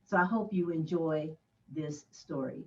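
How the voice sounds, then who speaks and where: Woman service leader, measured, distant, muffled sound. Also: sits low, a little hiss or hum. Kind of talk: church service introduction. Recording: distant dull church recording.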